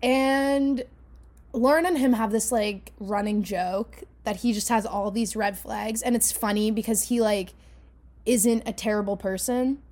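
A woman's voice: a little high, steady tone, measured pace, darkish tone. A young adult woman co-hosting a podcast, telling a story in a casual chatty way with plenty of "you know" asides. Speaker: podcast co-host. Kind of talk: casual chat.

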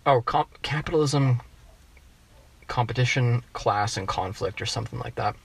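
A man with a general American accent, a guest in a casual interview, talking in halting bursts full of restarts and fillers as he thinks aloud. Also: medium pitch, gravelly, breathy edge. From United States. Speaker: guest economist.

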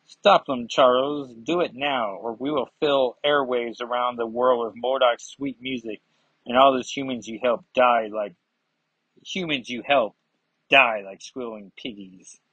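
A man's voice: medium pitch, steady tone, a little slow, a bit bright, husky, no echo, lo-fi sound. A man voicing a cruel, scheming woman villain with a put-on Scottish accent, taunting and threatening.

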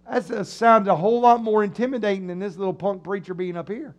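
Lively preacher guy, really high voice, acts out the crowd, church sermon. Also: a little fast, hardly any pauses, highs cut off. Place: church sanctuary.

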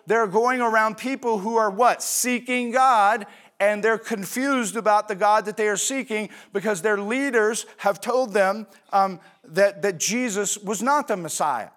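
A man's voice: sits high, moderate pace, fairly bright tone. A male pastor preaching a sermon in a conversational way, asking rhetorical questions and answering them himself, with fillers and asides.

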